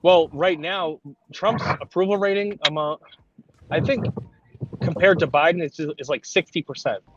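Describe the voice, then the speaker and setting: A man's voice: on the high side, moderate pace. A man calling in to a live stream chat, cracking dry jokes with some hesitation. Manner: wisecracking, hesitant. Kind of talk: casual chat. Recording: lo-fi with vehicle noise.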